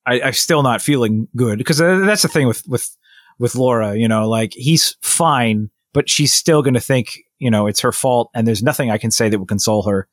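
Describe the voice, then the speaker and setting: A man casually telling a long story on a podcast, animated and full of restarts, acting out what people said. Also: medium pitch, moderate pace, no echo, clean studio sound. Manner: rambling, animated retelling with many restarts and quoted voices. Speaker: podcast co-host.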